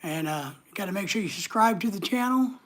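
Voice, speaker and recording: A man with a neutral American accent and a high, expressive, fairly bright voice hosts a casual livestream. Talking fairly quickly, he rambles while reading viewer comments aloud and responding.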